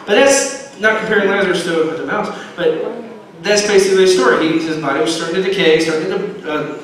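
High-voiced man teaching kids, echoey room. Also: fast. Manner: lively, repeats himself, keeps calling kids to order. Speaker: children's church teacher. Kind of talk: Bible lesson for children. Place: room full of children. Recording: echoey room, far from mic, noisy.

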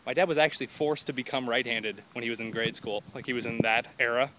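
A man's voice: medium pitch, steady tone, fast talker, sharp tone, a little hiss or hum. A young man talking to a phone camera held at arm's length while walking outdoors through a neighborhood, rambling and joking casually. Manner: rambling, jokey, with mock quoted voices. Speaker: vlogger. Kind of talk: casual vlog chat.

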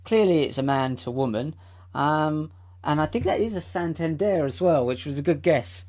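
A man's voice: on the high side, animated, normal speed, darkish tone. A man co-hosting a podcast, laid-back and giggly with dry asides. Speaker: podcast co-host. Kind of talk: casual banter.

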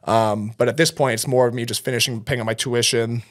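A young man, a band vocalist, chatting as a podcast guest, talking quickly and animatedly with lots of fillers. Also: mid-range voice, fairly even intonation, a bit bright. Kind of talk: casual conversational interview.

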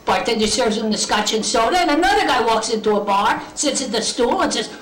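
Lady voicing a squeaky little puppet comic doing bar jokes, roomy echo. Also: lively intonation, brisk, close to an everyday voice. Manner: joke-telling, mimics bar patrons with shifting voice.

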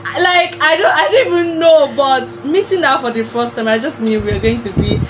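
A woman's voice: high voice, brisk, fairly bright tone, a little hiss or hum, low-quality recording. A young woman hosting her vlog, gushing about a guest in casual chat with lots of fillers. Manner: gushing, repeats herself with fillers. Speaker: vlog host.

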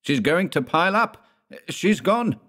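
A man voicing an excitable young lighthouse keeper who exclaims in alarm, in an audiobook horror story. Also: deep voice, unhurried. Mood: dismayed.

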